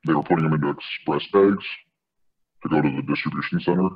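A man working as a postal worker, answering interview questions in a measured, matter-of-fact way. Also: a bass voice, slightly rough. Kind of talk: undercover-style interview answers. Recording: dull lo-fi video clip.

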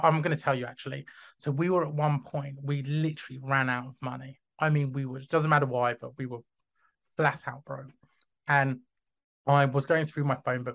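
A man hosting a podcast, telling a story in a casual, animated way, often restarting his sentences and acting out dialogue. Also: mid-range voice, gravelly. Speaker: podcast host.

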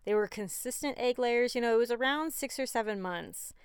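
A woman's voice: on the high side, fairly quick, clean tone, no echo, studio quality. A woman hosting a podcast in a casual, rambling, chatty way, with frequent fillers and laughs. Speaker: podcast host. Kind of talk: casual chat.

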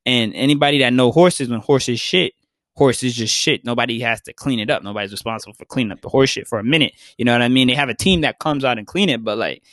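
A man's voice: mid-range voice, fast talker, a bit bright, no echo. A young man, telling a story in casual podcast chat. He swears a lot and acts out his own past remarks. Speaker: podcast co-host.

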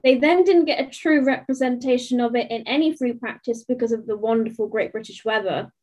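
A woman with a high voice chats on a podcast. She lays out her points earnestly, one after another. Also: a little fast, a little mellow. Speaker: podcast co-host. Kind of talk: casual chat.

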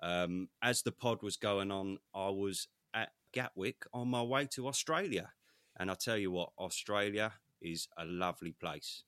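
A man hosting a casual boxing podcast, loud and excitable, swearing freely as he bantering with his co-hosts. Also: low voice, unhurried, smooth, dry recording, studio quality. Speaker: podcast host.

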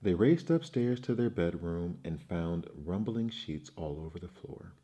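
A man narrating a children's fairy tale in an expressive, measured storytelling manner. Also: low voice.

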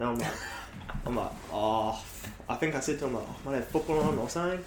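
Chatting casually as a guest, a late-teen young man with a New Zealand accent speaks fast at a medium pitch. He's laid-back and relies heavily on filler words while telling stories, and the room is echoey with faint hiss.

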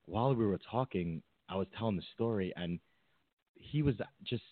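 Deep-voiced man on a tinny line. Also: animated, normal speed, no room sound. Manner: rambling, many fillers and restarts. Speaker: podcast co-host. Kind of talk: casual storytelling chat. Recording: tinny phone-like line, dry.

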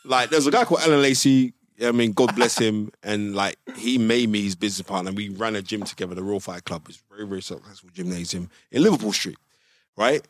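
A man's voice: lowish voice, fast, no echo, clean studio sound. A middle-aged man, telling stories animatedly on a podcast. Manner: animated storyteller, acts out quoted voices, bursts into laughter. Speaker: podcast guest, boxing pundit. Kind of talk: casual storytelling chat. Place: podcast studio.

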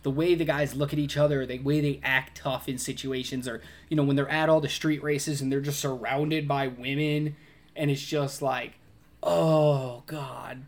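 A man's voice: medium pitch, level tone, moderate pace. A man co-hosting a podcast, chatting casually about a movie and animatedly acting out its scenes with voices and grunts. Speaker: podcast co-host. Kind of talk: casual movie review chat.

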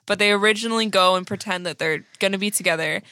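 A woman co-hosting a podcast in casual chat, quick to laugh and gushing in her reactions. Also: medium pitch, sharp tone, smooth, no echo. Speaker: podcast co-host. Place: recording studio. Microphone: studio mic.

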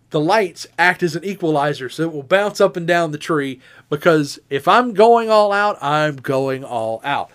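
This is a man with a high voice, co-hosting a podcast and telling a personal story in relaxed, casual chat. He tells it in an animated way and jumps up into a squeaky register whenever he quotes a woman. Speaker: podcast co-host.

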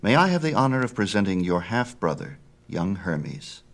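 A man's voice: sits low, very animated, normal speed, fairly bright tone, heavily acted. A male reader voicing a tall, lovely Titaness, a doting mother who speaks proudly and genteelly in a storybook myth.

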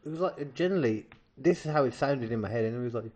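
A man's voice: medium pitch, expressive, fast talker, a little mellow. A man from England in casual chat, hesitant and self-mocking as he fumbles accent impressions. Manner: hesitant, self-deprecating, laughs at his own attempts. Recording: dull lo-fi recording.

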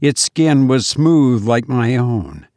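A man narrates a first-person gothic tale in a measured, solemn voice of middle pitch. He reads very slowly and deliberately. The recording is dry and close, with no room echo. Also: animated, mellow. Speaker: audiobook narrator.

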